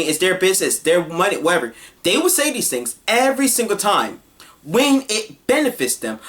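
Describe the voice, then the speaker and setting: A commentator on a heated rant, talking at a medium pitch in a blunt, scolding way. The delivery is exasperated and loaded with casual slang, like someone fed up with their audience. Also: a bit bright. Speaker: online commentator.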